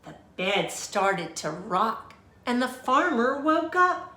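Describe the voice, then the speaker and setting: Teacher lady reading a picture book to kids, slow and expressive, asks them questions, echoey room. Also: a little high. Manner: slow and expressive, pausing to ask the children questions. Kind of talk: read-aloud storytime for children.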